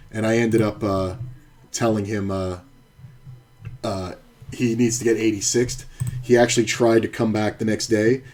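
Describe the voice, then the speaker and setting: A man's voice: fairly low pitch, darkish tone. A man streaming online poker, telling a rambling, profane story from his dealing days in a casual chat. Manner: rambling, profane, restarts sentences. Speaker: poker streamer and former card dealer. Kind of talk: casual storytelling while playing.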